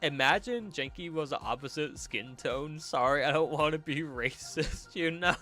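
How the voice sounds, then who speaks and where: A man's voice: on the high side, normal speed, sharp tone, soft background music. A young man streaming, chatting casually with his chat, rambling and laughing with many restarts, his nose a little stuffy. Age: young adult. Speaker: vtuber streamer.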